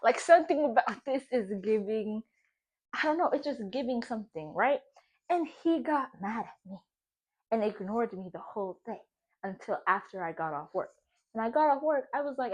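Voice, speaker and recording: Young woman, fairly high voice, very lively pitch, animated storytime chat, home kitchen. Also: fairly quick, a little hiss or hum. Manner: animated, exclaiming, dramatic retelling. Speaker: vlogger.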